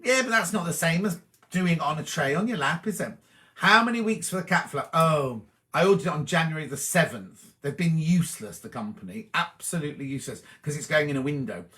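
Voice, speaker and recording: A cheery middle-aged man chats casually on a live stream, reading out viewers' messages and answering each one. His voice sits a little high for a man and sounds bright and forward. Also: expressive, fairly quick. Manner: chatty, cheery, reads comments aloud and chats back to them.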